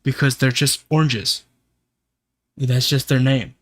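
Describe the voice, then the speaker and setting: A man's voice: mid-range voice, steady tone, slow pace, a bit bright. A young man streaming live, ranting casually to his chat with frequent swearing. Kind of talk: casual livestream rant.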